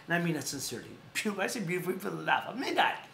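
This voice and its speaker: A man's voice: on the high side, lively intonation, rapid-fire, vocal fry, hardly any pauses, noisy background. A man hosting a casual talk show, rambling and repeating himself as he plugs sponsors. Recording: echoey room.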